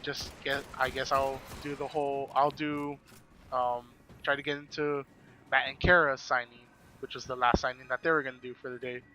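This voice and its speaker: Bright-voiced man telling a rambling story. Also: mid-range voice, level tone, moderate pace, slight background noise. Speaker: podcast guest. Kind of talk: casual chat.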